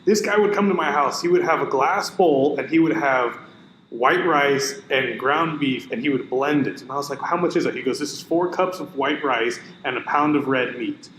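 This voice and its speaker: A man's voice: medium pitch, moderate pace. Guy telling a gym story, lots of quoting back and forth, echoey room, faint hiss. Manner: animated anecdote-telling, quoting others. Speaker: podcast co-host. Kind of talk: casual chat, storytelling.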